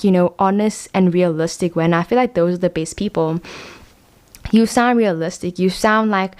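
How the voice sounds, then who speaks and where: Smooth-voiced chatty young woman. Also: on the low side. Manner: chatty, filler-heavy, frank. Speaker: tarot card reader. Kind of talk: casual chat, tarot reading.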